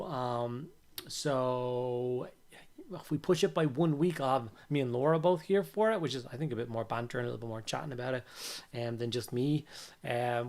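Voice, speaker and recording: A man hosting a casual livestream, chatting with viewers while he builds models and greeting them with repeated hellos. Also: mid-range voice. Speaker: livestream host.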